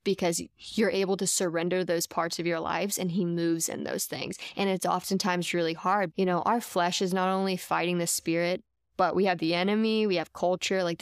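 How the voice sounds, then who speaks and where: A woman's voice: lowish voice, flat delivery, moderate pace, clear, resonant tone, no echo, studio quality. A woman sharing a heartfelt personal faith story on a podcast, earnest and chatty, with lots of casual fillers. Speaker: podcast co-host.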